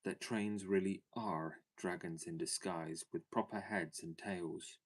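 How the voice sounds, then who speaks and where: A dreamy, imaginative little girl from an old storybook, as a man reads her lines. She speaks earnestly, the voice staying low. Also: steady tone, slow pace.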